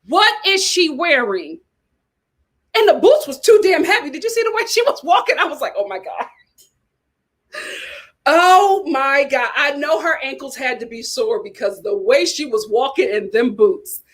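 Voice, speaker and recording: A woman ranting as a reality TV commentator, talking in an animated, exasperated way. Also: high voice, normal speed. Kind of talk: casual chat.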